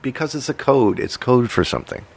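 A man's voice: medium pitch, lively intonation, fairly quick, creaky, slightly rough. A man co-hosting a podcast in casual chat, easygoing and joking. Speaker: podcast co-host.

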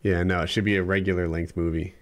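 This forties-aged man co-hosts a podcast, talking quickly in a low, flat voice. The conversation is casual and rambling, with lots of fillers.

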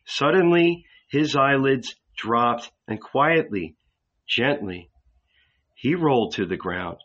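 Measured male audiobook reader, unhurried, dull recording. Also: mid-range voice. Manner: calm, measured reading. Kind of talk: scripted narration of a novel.

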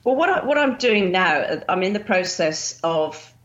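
A middle-aged woman from England, appearing as a guest on a podcast, chats easily in a casual interview, laughing often and saying "sort of" a lot. Her voice is fairly low, sing-song and unhurried, and the audio has its highs cut off.

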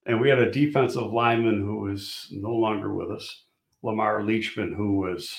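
A man's voice: on the low side, fairly even intonation, normal speed, vocal fry, roomy sound. An older man, a guest in a casual chat, telling blunt, rambling football stories with swearing and restarts. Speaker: guest, former football scout.

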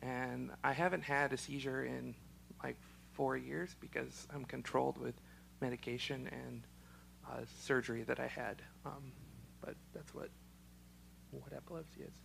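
Young man with a gravelly, choked voice. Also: mid-range voice, fairly even intonation, fairly bright tone, slight background noise, low-quality recording. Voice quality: choked, froggy-sounding voice. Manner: halting, with many ums and restarts. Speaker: interviewee; special education teacher. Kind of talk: casual personal testimony.

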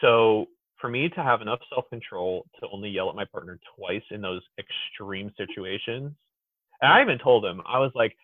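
A man as a podcast guest in casual chat, an animated, exuberant storyteller. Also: lowish voice, moderate pace, no echo. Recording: tinny phone-like dry sound.

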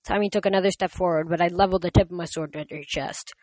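An amateur reader narrates a novel plainly, stumbling over a word now and then and correcting it. The voice sits at a middle pitch. The recording is close and completely dry. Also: fairly even intonation, fast, darkish tone, no echo. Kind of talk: casual amateur audiobook narration.

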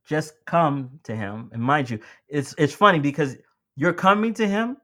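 A man preaches to his congregation as though talking with friends, calling them beloved and friends, building up to emphatic lines and then easing back down. His voice is on the high side and fairly bright, at a normal speed.

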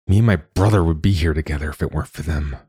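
A man's voice: very deep voice, quick pace, mellow, husky, no echo, studio quality, exaggerated voice. A man voicing Miguel, a bitter young tunnel worker. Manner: bitter, then screaming in panic. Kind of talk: audiobook character voice.

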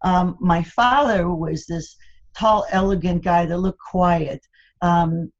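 An older woman with a low voice tells family stories in a chatty, laughing way. The recording sounds dull and a little lo-fi. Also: slow pace. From Florida, USA. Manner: chatty storyteller, laughs often. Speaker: guest. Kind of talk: casual interview chat.

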